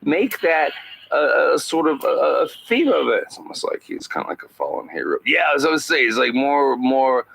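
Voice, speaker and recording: A man doing a satirical impression of an older male actor as a podcast guest, speaking in halting phrases with odd pauses. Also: mid-range voice, sing-song, vocal fry, fairly bright tone, breathy edge, voice pushed up, exaggerated voice, rough recording. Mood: storytelling.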